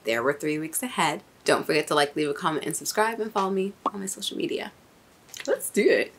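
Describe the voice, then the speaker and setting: A woman's voice: sits low, brisk, a little hiss or hum. A young woman hosting an anime reaction video, chatting casually and getting emotional, laughing often.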